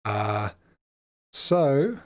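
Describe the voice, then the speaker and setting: A man's voice: mid-range voice, sing-song, extremely slow. Chatty British man streaming a game. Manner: chatty, self-deprecating, laughs often. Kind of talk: casual livestream game commentary.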